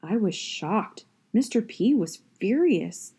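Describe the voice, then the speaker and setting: Mellow woman reading a novel aloud. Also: on the low side, moderate pace. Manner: wry, conversational first-person narration. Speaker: reader. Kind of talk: audiobook-style reading of a novel.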